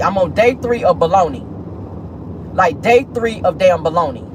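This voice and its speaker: Animated gossip vlogger in a noisy car. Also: mid-range voice, moderate pace. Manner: animated, bawdy, laughing asides with "honey" and "child". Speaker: vlogger host. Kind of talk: casual celebrity-gossip commentary. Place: parked car.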